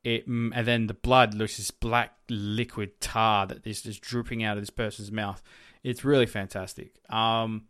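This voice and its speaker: A man's voice: lowish voice, little pitch movement, normal speed, fairly bright tone, clear, resonant tone, dry recording, clean studio sound. A man co-hosting a casual chat, rambling and searching for words with lots of fillers. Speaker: podcast co-host.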